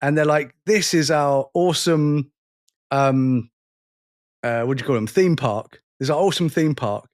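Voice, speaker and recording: A man's voice: on the high side, unhurried, dry recording, studio quality. A man co-hosting a podcast, telling stories in casual chat with frequent laughter. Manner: animated, laughing storyteller. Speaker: podcast co-host.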